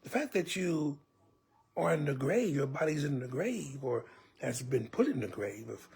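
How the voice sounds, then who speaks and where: A church elder preaches with vivid storytelling, often falling to a hush and slipping in pleading asides. This man's fairly high voice is husky with vocal fry, very animated, and moves at normal speed.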